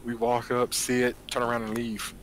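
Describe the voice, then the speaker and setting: A man with a mid-range voice adding dry, teasing remarks during a game stream. Clear background noise sits under his voice. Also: medium pitch, monotone, moderate pace, a bit bright. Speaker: co-player on a stream. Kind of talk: casual game chat.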